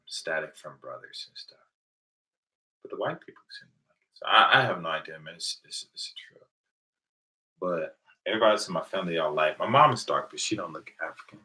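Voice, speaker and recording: A man's voice: low-pitched, bright, forceful tone. An American man in his thirties, chatting casually with viewers late at night from home, telling rambling stories and laughing often. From United States. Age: 30s. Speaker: livestream host.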